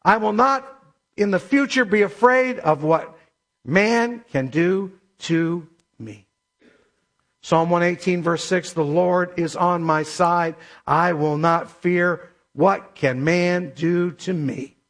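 A pastor delivers a sermon in a notably high voice. He preaches emphatically and slows down to stress the scripture he quotes. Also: a bit bright. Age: middle-aged or older.

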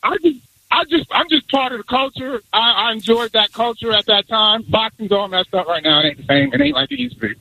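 A man calling into a sports radio show, very high-pitched and bright. He rambles excitedly and repeats himself, and his voice sounds dry and close. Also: a little fast, gravelly, no echo, low-quality recording. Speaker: caller. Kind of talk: phone-in call.

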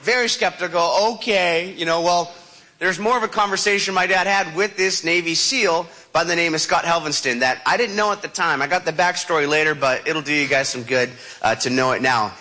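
A man's voice: a little high, a little fast, pushed and bright. A man telling a personal story with vivid, dramatic animation and sound effects, as a motivational speaker.

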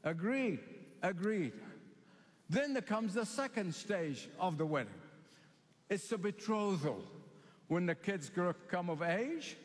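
High-voiced preacher in a reverberant hall. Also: male voice, sing-song. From Middle East. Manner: emphatic and repetitive, with slow stressed phrases. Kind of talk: sermon.

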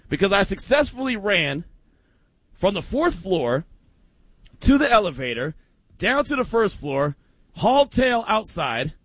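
A male radio host, a little winded, spins a story in an animated, high, swooping voice. He laughs often as he talks, and the recording is close and dry. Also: dry recording. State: a little out of breath. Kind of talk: casual radio chat.

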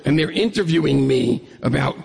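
Gravelly, husky middle-aged storyteller man. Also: mid-range voice, normal speed. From New York State, USA. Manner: lively, humorous, self-mocking. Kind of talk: personal storytelling to an audience. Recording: long hall reverb.

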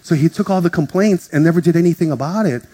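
A man's voice: a little high, quick pace, mellow, breathy edge. A man preaching a sermon as pastor, telling stories in a casual, joking way and acting out the voices of others. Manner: casual storytelling, acts out voices, jokes with congregation. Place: church in front of a congregation. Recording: music playing under the speech. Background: music.

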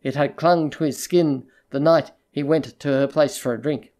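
An audiobook narrator reading a literary short story in a measured, even storytelling voice. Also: medium pitch.

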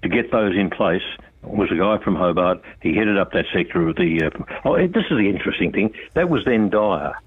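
An older Australian man speaks bluntly and with conviction, calling out an official as he makes his case. His voice is very deep and husky. It comes through a tinny, dry phone line. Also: animated, normal speed, no echo. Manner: blunt, impassioned, addresses an official directly. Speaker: radio guest, road safety campaigner. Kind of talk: on-air phone interview. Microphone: telephone.

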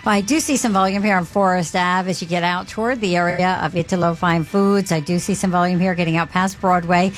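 Lady reading traffic on the radio, quick and steady, some music under it. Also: fairly low pitch. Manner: brisk, steady delivery. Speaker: traffic reporter. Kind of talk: rapid traffic report.

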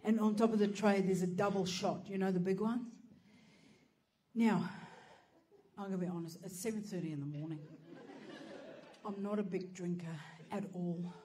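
A woman telling a stand-up comedy story, swearing freely and breaking into loud, animated bursts. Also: mid-range voice, normal speed, long pauses. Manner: animated, profane, bursts into shouting.

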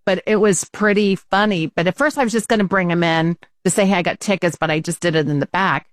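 A woman co-hosting a casual talk show, telling a story with animated quotes and laughs. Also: fairly low pitch, quick pace, dry recording.

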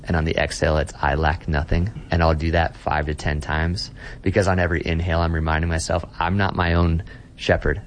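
A man's voice: sits low, level tone, fairly quick, slight background noise. A man who is a pastor, speaking as an interview guest in an earnest way and often restarting his words while he thinks.

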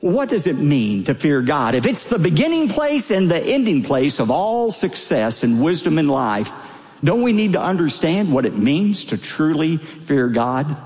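Man preaching with lively rising emphasis. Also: a little high, a little slow, in a large hall. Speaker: pastor. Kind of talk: sermon.

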